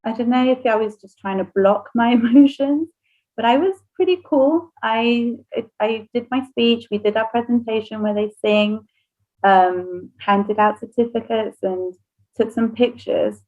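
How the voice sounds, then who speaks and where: A woman's voice: on the high side, unhurried, darkish tone, muffled recording. A woman, a nursery owner whose first language is Spanish, casually telling an emotional personal story on a podcast and laughing often.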